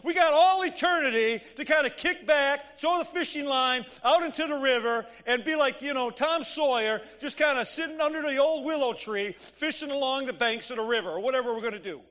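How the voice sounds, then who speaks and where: A man's voice: very high voice, brisk, few pauses, a bit bright. A man preaching a sermon in a church, telling stories conversationally and asking the congregation "Amen?". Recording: long reverb of a church hall.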